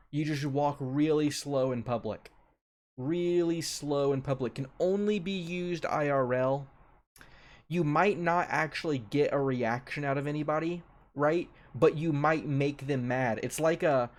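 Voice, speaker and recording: Young male streamer, slightly high voice, casual repetitive commentary. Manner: repeats his phrases, loose and offhand. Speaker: streamer ranking a tier list.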